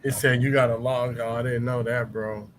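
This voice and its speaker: A man's voice: medium pitch, level tone, normal speed, slight background noise. A man co-hosting a casual chat, giving laid-back, brief replies.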